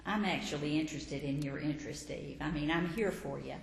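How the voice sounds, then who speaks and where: A woman's voice: low voice, a little fast, creaky, voice pushed down. A woman voicing a sly male serpent who coaxes and tempts in a falsely friendly, wheedling way. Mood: coaxing. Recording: echoey hall, faint background noise.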